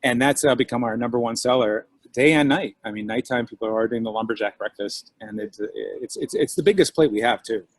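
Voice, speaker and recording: A man's voice: medium pitch, a little fast, hardly any pauses. A man, a diner owner and author, chatting casually over a video call and acting out his customers' reactions. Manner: animated storyteller, acts out customers' voices.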